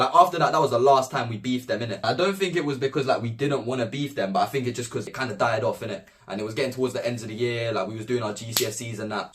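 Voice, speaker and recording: A young man with a London accent telling a story in an animated, slang-heavy way. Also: mid-range voice, far from the mic. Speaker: vlogger. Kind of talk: storytime monologue.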